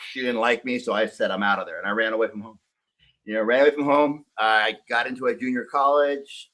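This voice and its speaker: A man's voice: mid-range voice, a bit bright. Middle-aged man, plain mid voice, candid podcast guest, swears freely, recaps his life. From Northern California. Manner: candid, profane storytelling. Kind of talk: casual podcast conversation.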